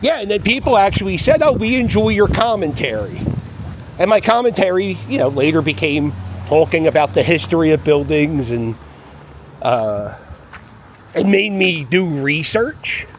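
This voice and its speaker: A man's voice: on the high side, normal speed, slight background noise. Rambling man on a street walk. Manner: rambling, wry, talks to himself and the camera. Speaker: vlogger walking his dog. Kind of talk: casual walking commentary. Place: outdoors on a city street.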